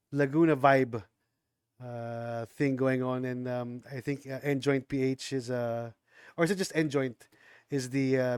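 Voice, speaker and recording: A man hosts a livestream music show in an easygoing, rambling way, restarting his phrases as he goes. His voice sits in a middle register and sounds smooth and resonant. The sound is dry and close, with no room echo. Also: medium pitch, a little mellow. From Philippines. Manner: chatty, loose, with frequent ums and restarts.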